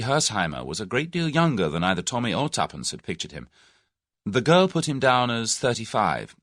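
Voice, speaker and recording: Audiobook narrator, male, deep and expressive, dry booth sound. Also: dry recording.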